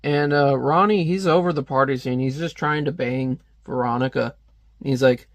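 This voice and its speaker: A man's voice: medium pitch, fairly even intonation, normal speed, dry recording. A man chatting casually as a comic reviewer, rambling with lots of fillers and frequent laughs. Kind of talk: casual commentary.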